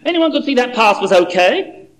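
A man voicing an indignant young football fan who protests loudly in a raised voice. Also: very animated, normal speed. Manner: loud, protesting, high-pitched.

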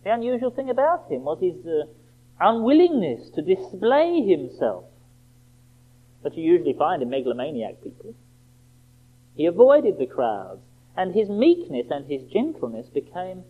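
A man preaching with a high, animated voice that rises and falls widely. He leans on rhetorical questions and reads scripture slowly and deliberately. The recording is thin and phone-like. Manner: emphatic, rhetorical questions, slow quoted scripture. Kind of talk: sermon. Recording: tinny phone-like band.

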